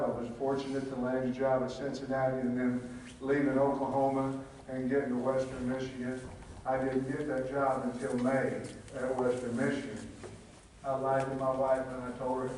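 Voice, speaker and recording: Older man, football head coach addressing a clinic, blunt and folksy, heard from a distance in a booming hall. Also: slight background noise. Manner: blunt, folksy and plain-spoken, with frequent restarts. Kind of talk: clinic talk to a room of coaches. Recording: very echoey hall, distant from the mic.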